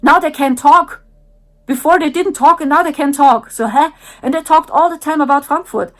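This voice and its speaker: A woman's voice: high voice, moderate pace, fairly bright tone. A woman, an English speaker, earnestly recounts a strange personal experience and repeats sound effects. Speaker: spiritual channel host. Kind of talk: personal storytelling.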